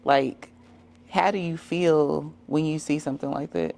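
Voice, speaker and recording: A woman hosting a podcast, asking relaxed, encouraging questions in a casual interview. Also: low-pitched, measured pace, gravelly. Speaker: podcast host.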